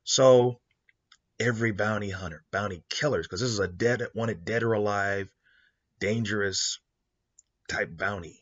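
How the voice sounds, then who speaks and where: Low-voiced male storyteller, casual and rambling, lo-fi mic. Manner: rambling, with many fillers and restarts. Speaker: storyteller pitching a story idea. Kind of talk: casual spoken story pitch. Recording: dull lo-fi recording.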